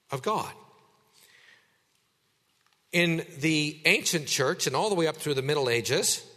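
Male pastor, sermon, earnest and emphatic, bright voice, long church reverb. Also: a little high. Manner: earnest teaching tone with rising emphasis.

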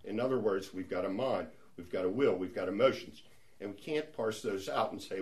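A middle-aged man leads a church Bible study, teaching conversationally in a chatty way with frequent restarts and asides. His voice is on the low side, a little mellow, and fairly quick.

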